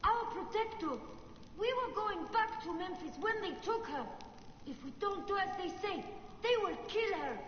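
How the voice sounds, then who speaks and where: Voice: very high voice, animated, normal speed, lo-fi sound, slight background noise. An actor voicing a young Egyptian child who pleads for help in a video game. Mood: pleading. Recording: game audio picked up from speakers, echoey and far off.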